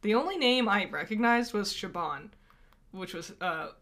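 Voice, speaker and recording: A woman's voice: mid-range voice, animated, normal speed, fairly bright tone. A woman co-hosting a casual podcast, chatty and laughing often as she talks. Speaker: podcast co-host. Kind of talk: casual chat.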